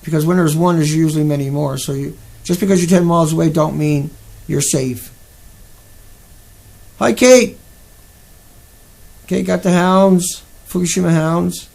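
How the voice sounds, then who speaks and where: A man's voice: a little high, steady tone, unhurried, gravelly, pauses often, darkish tone. A man hosting a live stream, talking casually and agitatedly, repeating himself and answering his chat. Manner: agitated, repetitive, talks back to chat.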